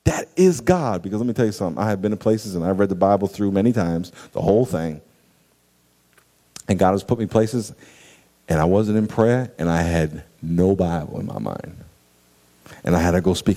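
A man preaching a sermon, animated and acting out scenes and quoted voices for the congregation. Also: deep voice, moderate pace. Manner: animated, acts out stories and quotes. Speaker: pastor.

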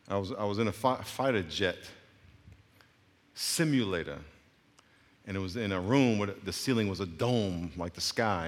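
A middle-aged man preaching a sermon full of stories. He shifts between loud bursts and quiet asides and laughs often. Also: lowish voice. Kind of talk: sermon with anecdotes. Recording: long reverb of a large hall.

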